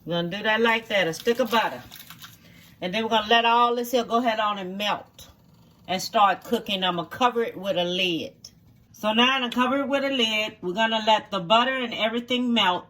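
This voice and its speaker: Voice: mid-range voice, bright, forceful tone. A home cook, giving a cooking demonstration in a kitchen, repeating each step and checking in with "okay?" along the way. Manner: slow, repetitive instructions, checking in with "okay?".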